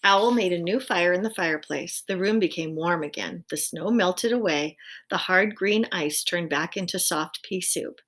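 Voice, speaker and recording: A woman reading a children's storybook aloud in a gentle way, adding soft asides to her listeners. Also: lowish voice, moderate pace.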